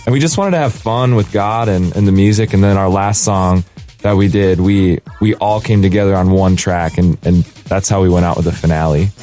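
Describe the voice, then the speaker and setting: A man, a hip hop artist and producer, telling stories as a radio guest in a relaxed, eager way. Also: sits low, fairly quick, soft background music. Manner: relaxed, eager storytelling with lots of "like". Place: radio studio.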